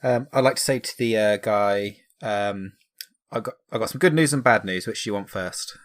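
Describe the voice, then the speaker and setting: A man's voice: on the low side, moderate pace. A man playing a tabletop game, laid-back and often laughing. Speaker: player.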